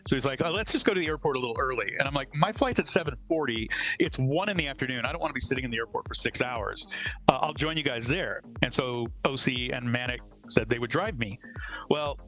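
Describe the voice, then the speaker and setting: A man's voice: mid-range voice, animated, fast, a bit bright, soft background music, low-quality recording. A man telling a long, rambling anecdote on a live talk show, quoting other people along the way. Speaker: convention organizer. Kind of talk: casual storytelling on a live show.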